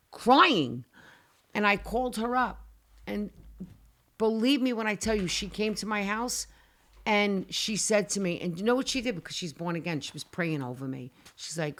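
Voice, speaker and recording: A woman's voice: medium pitch, moderate pace. A middle-aged woman on a talk show, animatedly telling a dramatic personal story and swearing now and then. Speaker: guest. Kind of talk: casual storytelling.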